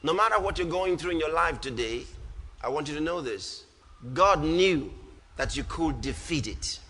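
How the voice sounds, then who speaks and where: A man with a Nigerian English accent preaching a sermon, emphatic, dropping low and calm then rising to loud outbursts. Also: big-room sound. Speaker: pastor.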